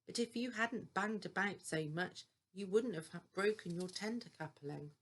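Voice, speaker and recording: An older woman voicing a kindly male fireman who gently chides in a storybook. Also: medium pitch, moderate pace, pitched above the performer's own voice, natural voice. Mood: chiding. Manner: gently chiding.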